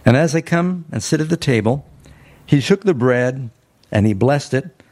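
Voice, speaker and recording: A man preaching a sermon, telling a story with animated bursts of emphasis. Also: mid-range voice, moderate pace.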